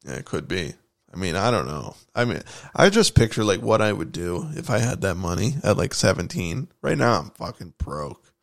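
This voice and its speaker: A man's voice: low voice, big pitch swings, moderate pace, vocal fry. A man co-hosting a casual podcast, joking and riffing with plenty of swearing. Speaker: podcast co-host.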